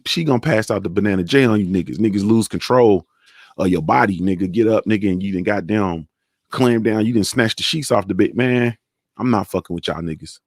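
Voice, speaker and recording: A young man hosts a casual boxing talk stream, rambling through stories in loose, profane slang. His voice sits low. The sound is dry and close, with no room echo. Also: darkish tone. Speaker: show host.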